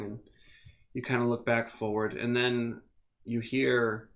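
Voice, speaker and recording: Give me a man narrating a tabletop game as game master, relaxed and descriptive. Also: medium pitch, measured pace.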